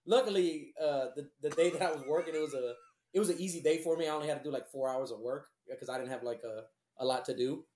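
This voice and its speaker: A man in casual podcast chat, swearing a lot and laughing often as he tells animated stories. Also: a little high, fast, slight background noise. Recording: roomy echo.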